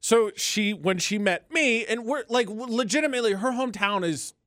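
A man's voice: high voice, moderate pace, fairly bright tone, no echo, clean studio sound. A man co-hosting a radio show, bantering casually and laughing often. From not from Utah.

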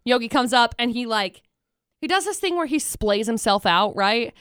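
A woman with a high, bright voice chats casually as a radio co-host. She tells her story in an animated way and acts out the voices of the people and pets in it. The sound is dry and close, with no room around her. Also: normal speed, clean tone, no room sound. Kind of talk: casual after-show chat.

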